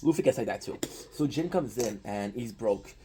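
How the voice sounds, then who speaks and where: A man's voice: medium pitch, expressive, moderate pace, mellow, slight background noise, rough recording. A man casually retelling an anime story, with lots of restarts and offhand swearing. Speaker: anime commentator.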